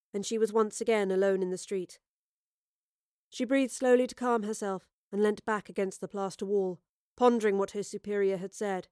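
A woman narrating an audio drama in a measured, expressive storytelling manner on a close studio mic. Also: mid-range voice, smooth, dry recording.

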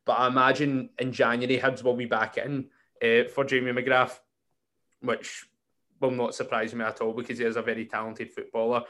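A man's voice: medium pitch, flat delivery, moderate pace, sharp tone. A man hosting a casual football podcast, rambling with many fillers and restarts. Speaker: podcast host.

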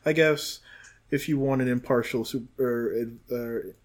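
A man's voice: medium pitch, measured pace. A man playing a tabletop game, hesitant and stammering. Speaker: player. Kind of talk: casual tabletop play.

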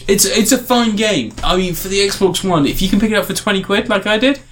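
A man's voice: sits high, brisk, slight background noise. A man in casual podcast chat, reviewing a game in a rambling way with frequent restarts. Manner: rambling, restarts often, animated emphasis.

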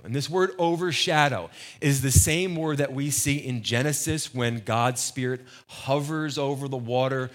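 A man's voice: mid-range voice, normal speed. A man preaching a sermon, conversational with joking asides. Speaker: pastor.

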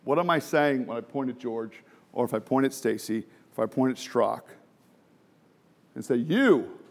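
A man's voice: medium pitch, normal speed, gravelly. A man preaching a sermon, emphatic and full of rhetorical questions, sometimes dropping to a near whisper.

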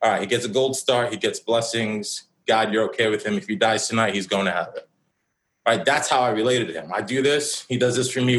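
A young man preaching a sermon in an animated, conversational, self-mocking way, full of asides to the congregation. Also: on the low side. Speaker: pastor. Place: church hall. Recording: echoey room.

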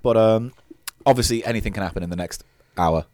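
A man's voice: on the low side, a little fast, darkish tone, dry recording. A British man co-hosting a comedy podcast in casual chat, swearing freely and teasing his co-host with mock sternness. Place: small recording pod.

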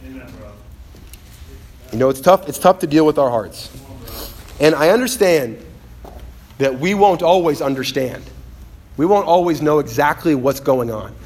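A man preaching a sermon in an animated, conversational way, often acting out quotes and restarting his phrases. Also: fairly high pitch, unhurried, long pauses.

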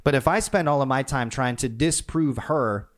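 A man's voice: medium pitch, normal speed. A man casually telling a personal story about leadership, with frequent restarts and acted-out quotes. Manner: conversational, animated retelling with many restarts.

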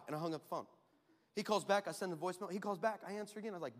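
A man preaching a sermon as pastor, telling a story in an animated way, acting out quotes and laughing often. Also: high-pitched, racing. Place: large church hall. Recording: reverberant church hall.

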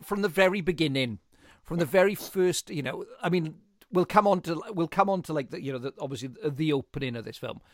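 A man's voice: on the high side, animated, brisk, no room sound, clean studio sound. A man hosting a podcast, chatting enthusiastically about a film and rambling through restarts. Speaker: podcast host. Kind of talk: casual film chat.

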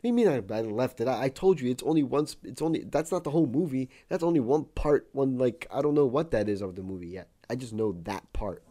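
A man's voice: medium pitch, expressive, quick pace, hardly any pauses, mellow. A man co-hosting a podcast, profane and teasing, in casual chat. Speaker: podcast co-host.

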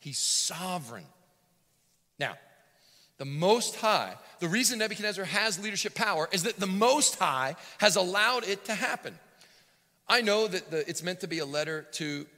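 A man preaching a sermon as a pastor, animated and dramatic yet conversational. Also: high-pitched, moderate pace. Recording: long hall reverb.

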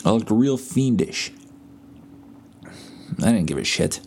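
Gravelly, low-voiced podcast host. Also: male voice, animated, slow pace, darkish tone, slight background noise. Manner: laid-back, profane, rambling with many fillers. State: bedridden, buzzed on painkillers. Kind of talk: casual solo podcast storytelling. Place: at home.

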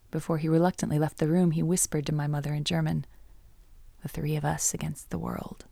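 A woman telling a scripted story as narrator, in a slow, solemn way. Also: deep voice, creaky, a little mellow, dry recording.

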